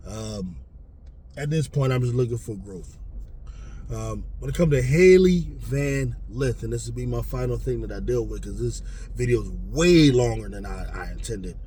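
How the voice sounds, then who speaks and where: A man hosting a casual sports talk show, ranting in an animated, profane, rambling way with lots of fillers. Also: mid-range voice, normal speed, a little hiss or hum. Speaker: sports commentator host.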